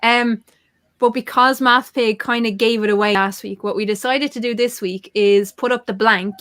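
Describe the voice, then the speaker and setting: Bubbly woman hosting a live chat show, fairly high voice, quick to laugh. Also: steady tone, a bit bright. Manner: bubbly, chatty, laughs often. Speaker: host. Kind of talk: casual livestream chat.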